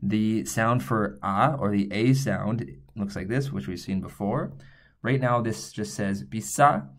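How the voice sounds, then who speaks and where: A man's voice: on the low side, unhurried. A man teaching Korean letters, patiently explaining each step as he writes them out. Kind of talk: whiteboard writing lesson.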